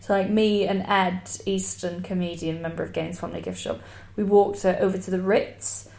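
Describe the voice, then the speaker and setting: A woman's voice: lowish voice, fairly even intonation, normal speed, a little mellow. A woman co-hosting a comedy podcast, telling anecdotes in casual chat and slipping into voices for the people in her stories. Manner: chatty storyteller who acts out voices in anecdotes. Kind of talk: casual comic chat about true crime.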